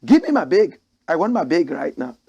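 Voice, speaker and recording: A man doing a bossy, impatient shouting man. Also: on the high side, sing-song, fairly quick, vocal fry, breathy edge, lo-fi sound, exaggerated voice. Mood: demanding. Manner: loud, bossy, repeating demands. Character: impatient man demanding his bag.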